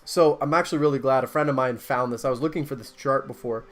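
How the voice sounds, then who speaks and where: A man's voice: mid-range voice, fast. Man lecturing casually, full of fillers. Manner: lecturing, reads out facts with many fillers. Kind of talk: casual conversation.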